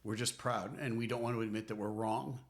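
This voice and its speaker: A man's voice: lowish voice, fairly even intonation, fairly quick. A middle-aged man co-hosting a podcast, giving earnest, emphatic, preacherly advice as a marriage counselor. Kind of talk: conversational podcast teaching.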